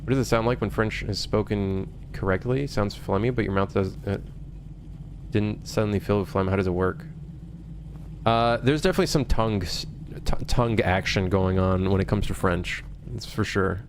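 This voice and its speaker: A young man, a game developer on a livestream, talking loosely and haltingly with many fillers while reading viewer chat aloud. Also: lowish voice, slight background noise.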